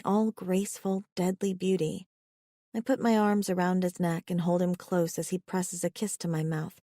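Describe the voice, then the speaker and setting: A woman reading a first-person romance audiobook in an even storytelling manner. Her voice sits on the low side. The sound is dry and close, with no room around it. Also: no echo. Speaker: audiobook narrator.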